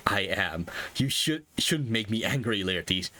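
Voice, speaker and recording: A man's voice: fairly low pitch, lively intonation, measured pace, pushed and bright, slight background noise. A man voicing Hamlet, a brooding, hot-headed young prince, while reading an interactive story aloud. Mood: menacing.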